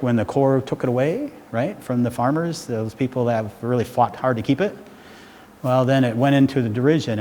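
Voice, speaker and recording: A man's voice: medium pitch, darkish tone. A middle-aged man gives a public talk in a loose, conversational storytelling way, often tossing in "right?" His voice sits in a middle register. A long hall reverb trails behind him, over a faint background hiss. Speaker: speaker giving a public talk. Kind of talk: rambling spoken storytelling.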